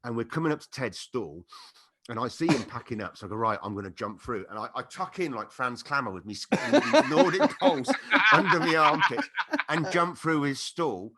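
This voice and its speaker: A man's voice: medium pitch, moderate pace, background noise. A middle-aged man telling a funny story on a podcast, laughing and acting out quotes. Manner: animated anecdote-telling with laughter and acted-out quotes. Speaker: podcast guest. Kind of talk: casual storytelling chat.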